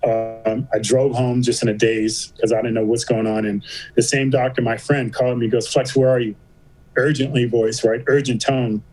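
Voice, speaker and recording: Soft music plays in the background of this low-quality recording, where a middle-aged man guesting on a podcast tells a story in an easygoing interview. His voice is medium in pitch and normal in speed. He's lively, acting out what people said and repeatedly using "you know" and "I go."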